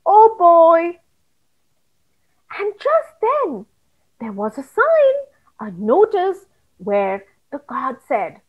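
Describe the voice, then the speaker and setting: High, singsong woman reading a story to kids. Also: very slow, long pauses, muffled recording. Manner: animated, singsong, talks directly to children. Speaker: children's storyteller.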